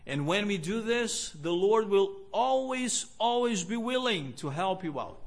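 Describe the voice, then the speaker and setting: A man preaching a sermon in an earnest, measured way, with pauses between phrases. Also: high-pitched, very animated.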